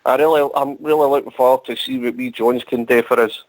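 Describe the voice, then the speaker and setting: A man's voice: medium pitch, fairly even intonation, fairly quick, no room sound, low-quality recording. A Scottish man on a fan radio show talking earnestly about football, repeating himself for emphasis. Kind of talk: casual football chat.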